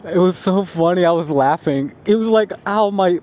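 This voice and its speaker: A man vlogging while walking outside, rambling and laughing often, a bit high. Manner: rambling, laughs often, slow relaxed talk. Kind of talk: casual walking vlog. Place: outdoors on a street.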